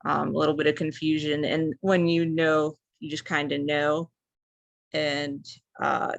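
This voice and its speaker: A woman's voice: deep voice, gravelly, fairly bright tone, no echo. A young woman, a student, telling a personal story as a class speech in a rambling, casual way with many fillers. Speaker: student speaker.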